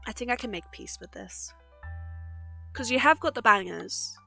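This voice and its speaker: Bright, giggly young woman streamer. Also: on the high side, expressive, moderate pace, vocal fry, faint music behind. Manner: giggly, swears freely, chats with viewers. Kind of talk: casual live-stream chat.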